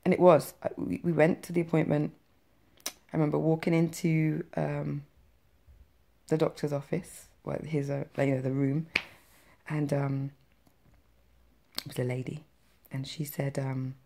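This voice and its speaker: Woman, vlogger, personal storytelling, chatty and emphatic, low gravelly voice. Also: little pitch movement, unhurried, pauses often, warm tone. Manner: chatty, emphatic, many fillers and "right?" tags. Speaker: vlogger sharing her cancer story.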